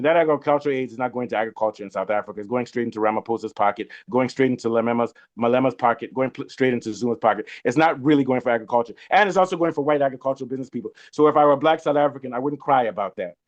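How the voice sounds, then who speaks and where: A man's voice: medium pitch, racing, hardly any pauses. A man hosting a political discussion, emphatic and opinionated, often turning to his guest with rhetorical questions. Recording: muffled lo-fi sound.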